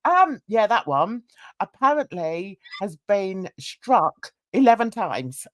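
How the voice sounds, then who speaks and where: A woman's voice: medium pitch, big pitch swings, takes it slowly, no room sound, clean studio sound. A woman hosting a casual livestream chat, rambling and gossipy as she greets viewers in the chat by name. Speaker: livestream host.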